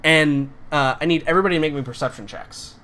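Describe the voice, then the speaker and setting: Man, mid pitch, bright tone, casual game master narration full of fillers. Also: fast talker. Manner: casual, rambling with many fillers.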